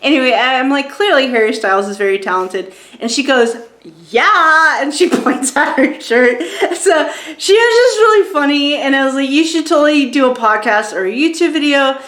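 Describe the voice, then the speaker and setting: A woman in her forties tells a casual, rambling story, full of fillers and quick restarts. Her voice sits a little high. The room adds a noticeable echo. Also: lively intonation, a bit bright. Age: 40s. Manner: chatty and rambling, many fillers and restarts, laughs at her own stories. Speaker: vlogger reviewing a show. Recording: roomy echo.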